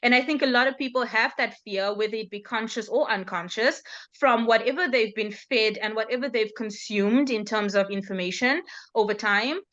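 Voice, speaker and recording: A woman's voice: a little high, moderate pace, fairly bright tone. A woman guest in a casual chat, telling a story in a reflective way. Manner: reflective storytelling, with quoted dialogue. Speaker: guest author. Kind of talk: casual conversation. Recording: dull lo-fi sound.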